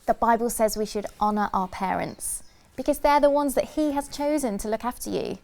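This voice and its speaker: A woman presenting a scripted children's church talk, asking questions gently and repeating key phrases in rhythm. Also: on the high side, expressive, a little fast, vocal fry. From United Kingdom.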